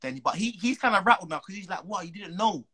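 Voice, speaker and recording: A young man, a footballer telling an animated, slang-filled story as a guest. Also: high-pitched, fast talker, husky, low-quality recording. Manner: animated, slang-heavy, acts out the people he quotes. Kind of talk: casual storytelling.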